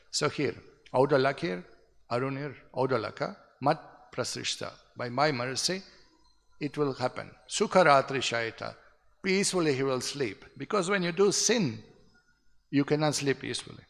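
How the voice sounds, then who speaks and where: A man with a gravelly, mid-pitched voice teaches a relaxed scripture class. He talks conversationally, often checks in with a quick "no?", and chuckles at his own anecdotes. His voice carries a long reverb, as if in a big temple hall. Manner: conversational, tags remarks with "no?".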